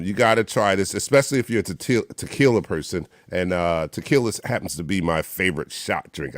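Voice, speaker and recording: Low-voiced man hosting a sports chat. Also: dry recording, clean studio sound. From Philadelphia area. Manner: upbeat, rambling, hesitant restarts. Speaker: podcast host. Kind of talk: casual sports talk show.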